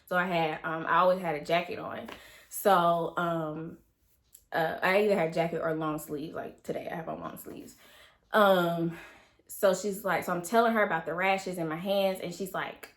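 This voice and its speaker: A woman in her twenties telling a personal story in an animated way, acting out quoted dialogue with many fillers. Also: on the low side, moderate pace. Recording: echoey room.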